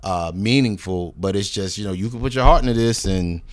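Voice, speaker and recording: There's no room sound around this man's fairly low, slightly fast voice. He's a recording artist guesting on a podcast, easygoing and profane as he tells a long story, acting out quoted people and slipping in "you know what I mean."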